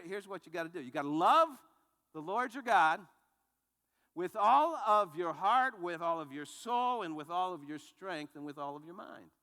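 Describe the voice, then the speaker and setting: A man preaching a sermon as pastor, telling the story in an animated way with frequent restarts. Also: high-pitched, in a large hall.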